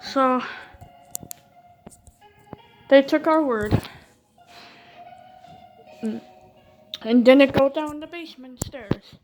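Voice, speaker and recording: A woman with a fairly high voice tells a creepy story in an easy, unhurried way. She curses freely and keeps quoting what each person said. Soft music plays faintly underneath. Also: low-quality recording. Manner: casual, swears freely, retells talk with "I'm like". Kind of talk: casual spoken true-story telling.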